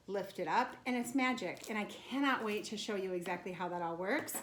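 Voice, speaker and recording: A woman casually unboxing a craft kit for her channel, bubbly and excited as she shows each piece. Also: fairly high pitch. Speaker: craft vlogger. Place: home craft studio. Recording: echoey room, faint noise.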